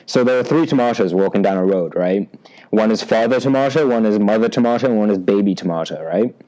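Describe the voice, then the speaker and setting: A young man co-hosting a casual podcast. He tells jokes haltingly, repeating words and stifling laughter. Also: fairly low pitch, dark tone, low-quality recording. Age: young adult. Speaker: podcast co-host. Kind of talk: casual joking chat.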